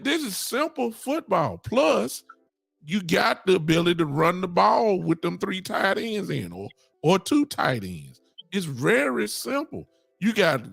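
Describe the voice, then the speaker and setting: A man hosting a sports podcast, talking excitably and preaching to his listeners. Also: fairly high pitch, vocal fry, no echo. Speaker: podcast host. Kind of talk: animated sports talk.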